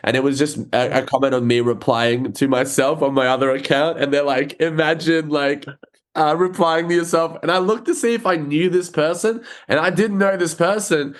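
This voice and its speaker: A man hosting a podcast, talking in a relaxed, casual way, swearing now and then and readily agreeing with his guest. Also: fairly high pitch, a little fast, few pauses. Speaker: podcast host.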